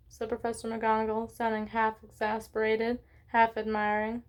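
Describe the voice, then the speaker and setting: A woman's voice: fairly high pitch, little pitch movement, measured pace, hardly any pauses, a little mellow. A woman hosting a read-along, narrating a book and stopping to chat, ask questions and apologize for her slips. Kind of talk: children's book read-aloud.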